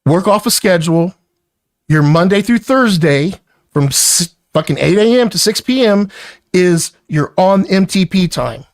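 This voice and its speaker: A man's voice: high voice, lively intonation, unhurried, no echo. Furious, swearing man lecturing hard. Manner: angry, profane, lecturing. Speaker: business owner confronting an employee. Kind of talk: heated work argument.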